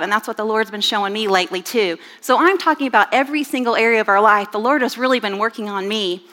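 A woman in her forties giving a sermon with personal stories, chatty and animated, with rising exclamations. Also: a little high. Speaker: church speaker. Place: church sanctuary. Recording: reverberant church hall.

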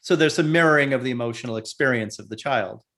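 A man hosts an interview in a friendly, affirming way. He sets up long, detailed questions for his guest. His voice sits at an ordinary middle pitch. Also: fast, fairly bright tone. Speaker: interview host.

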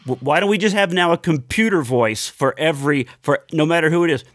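A man who works as a comedian, chatting casually in a slightly higher voice. He keeps slipping into quick mimicked voices. The sound is dry and close. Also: a bit bright, dry recording. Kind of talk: casual chat.

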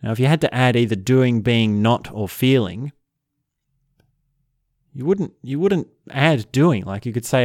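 A man teaching in a slow, reflective way, often repeating short example phrases. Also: mid-range voice, darkish tone, dry recording, studio quality. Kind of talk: spoken teaching talk.

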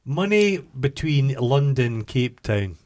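A man's voice: mid-range voice, very animated, takes it slowly, darkish tone, no room sound, studio quality. A Scottish man co-hosting a podcast, chatting about a film in a wry, rambling and crude way. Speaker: podcast co-host. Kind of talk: casual film review chat.

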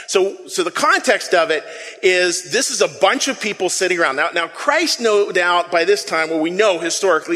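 A man preaching a sermon, telling the story in a lively way with acted quotes and asides to the congregation. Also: high voice, long reverb tail. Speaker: pastor.

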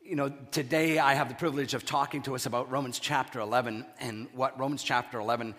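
A male pastor with a hoarse throat, preaching a conversational sermon and often clearing his throat. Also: medium pitch, steady tone, fast talker, fairly bright tone. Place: church sanctuary. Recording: reverberant church hall.

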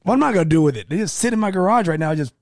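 A man with a fairly high, lively voice, teasing his friends and laughing a lot. It sounds like a dry, close recording of a casual podcast chat. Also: very fast, no room sound. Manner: loud, teasing, laughs often. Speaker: podcast co-host.

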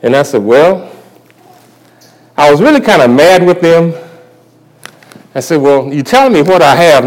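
A man's voice: on the high side, big pitch swings, a little slow, long pauses, poor audio. A male church elder giving a sermon testimony at a convocation, telling his story in a folksy way and chuckling often.

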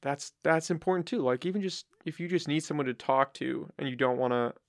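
A man in his twenties hosting a podcast, talking in a relaxed, supportive way with hesitant phrasing. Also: on the high side, a little fast, dry recording, clean studio sound. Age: 20s. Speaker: podcast host. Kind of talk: casual chat.

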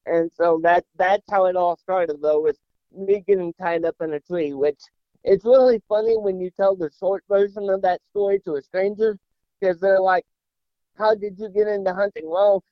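High-voiced man telling a funny story. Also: moderate pace, no echo. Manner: animated, repeats words when starting sentences. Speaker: guest. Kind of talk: humorous personal storytelling. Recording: slightly dull, muffled sound.

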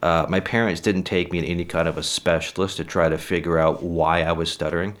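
A man's voice: sits low, fairly even intonation, a little fast. A middle-aged man telling personal stories in a casual, rambling, frank way, often saying "literally.". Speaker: storyteller.

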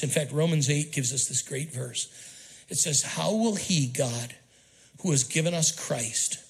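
A man's voice: medium pitch, low-quality recording. A man preaching a sermon as pastor, emphatic and repetitive, prompting the congregation to call out answers. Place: church auditorium.

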